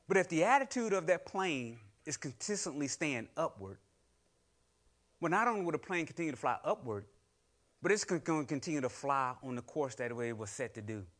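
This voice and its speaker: A middle-aged man delivers a sermon in a bright, slightly high voice. He questions the congregation, acts out grumbling people, and builds to loud, fervent exhortation. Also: lively intonation, brisk. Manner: call-and-response preaching, rising to loud exhortation. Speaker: lay preacher.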